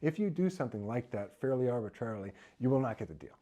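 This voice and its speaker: Middle-aged guy talking fast about selling companies, mellow low-key tone, stacks up lists. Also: sing-song. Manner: emphatic, repetitive lists, acts out buyers' quotes. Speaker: M&A advisor. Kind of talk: talking-head business advice.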